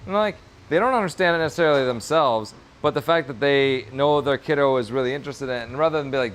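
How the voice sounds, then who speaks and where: Working on leather in his workshop, a streamer chats casually on a livestream, upbeat and encouraging, rambling with fillers. His medium-pitched voice is clear, resonant, and a bit bright, moving quickly with few pauses.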